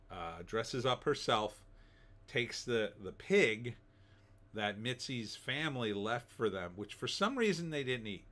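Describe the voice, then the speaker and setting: A man's voice: mid-range voice, a bit bright. A middle-aged man giving a casual, rambling spoken movie review, full of fillers and restarts. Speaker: film reviewer.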